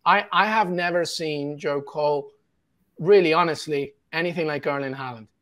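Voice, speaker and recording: New york guy hosting a soccer show, hyped and friendly, bit of a higher voice. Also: normal speed, a bit bright. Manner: enthusiastic, friendly banter. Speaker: show host. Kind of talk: sports talk show hosting.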